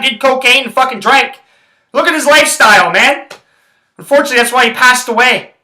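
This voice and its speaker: A man's voice: very high-pitched, brisk, pushed and bright, echoey room, low-quality recording. A man hosting his own podcast, ranting about sports in a rambling, profane, heated way. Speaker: podcast host. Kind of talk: casual sports rant.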